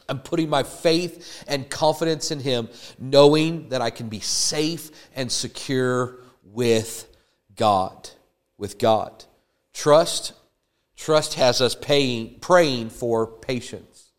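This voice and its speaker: A man's voice: mid-range voice, takes it slowly. A man preaching a sermon, building emphatic repeated lines that rise in fervor. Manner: emphatic, rising to fervent repetition.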